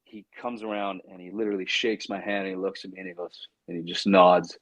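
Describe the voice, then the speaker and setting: A man's voice: deep voice, fast, no echo, low-quality recording. A man, an actor guest on an interview show, telling a story animatedly, acting out his own inner voice and stumbling over restarts. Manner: frequent restarts and stammers when excited.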